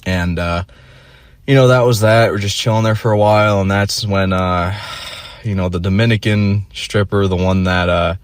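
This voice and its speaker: A man's voice: fairly low pitch, steady tone, normal speed, clean tone, no room sound. A young man telling a rambling, profane story in a casual monologue, full of fillers and restarts. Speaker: vlogger.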